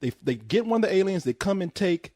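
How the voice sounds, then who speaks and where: Brief: husky, lively male reviewer, high voice, giggly jokester. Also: fast, no room sound, studio quality. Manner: jokey, giggling, emphatic. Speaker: film reviewer. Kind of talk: casual profane banter.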